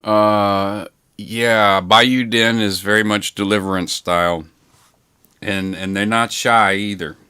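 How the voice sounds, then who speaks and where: This livestream host talks with viewers from his home studio, relaxed and meandering, occasionally cursing as he reads out chat messages. His somewhat low voice is steady, slow, smooth and sharp-edged.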